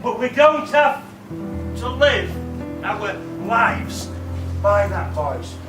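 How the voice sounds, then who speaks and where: A man with a very high voice and a stammer delivers a slow, emphatic motivational speech to students, repeating his key words. He is picked up from a distance in a roomy, echoing hall, and faint music sits underneath. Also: very animated. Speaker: keynote speaker.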